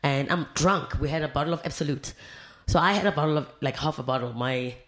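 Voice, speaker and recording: A woman's voice: deep voice, brisk, a bit bright. A woman, a podcast guest telling a frank, profane story in casual chat.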